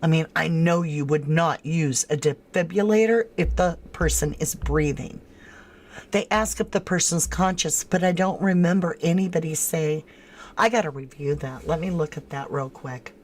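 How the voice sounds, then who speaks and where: A woman's voice: sits low, moderate pace, darkish tone. A woman hosting a true crime livestream in casual commentary, thinking aloud and answering viewers' chat comments by name with frank disbelief.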